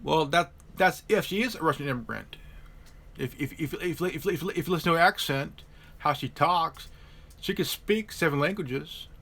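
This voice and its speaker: Halting, bright-voiced man chatting politics. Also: on the high side, creaky. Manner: halting, many repeated words and restarts. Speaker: live stream host. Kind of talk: casual political chat.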